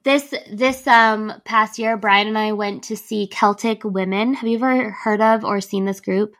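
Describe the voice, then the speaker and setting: A woman hosting a podcast, chatting casually, bubbly and quick to laugh. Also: mid-range voice, fairly even intonation, fairly bright tone. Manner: bubbly, laughs often, gushing. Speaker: podcast host. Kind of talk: casual chat.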